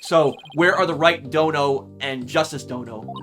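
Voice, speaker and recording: A formal, old-fashioned male prosecutor with a put-on accent, speaking in slow, clipped, dry phrases, voiced by a man. He sounds stern and mocking. Game music plays under him. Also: a little high, a bit bright.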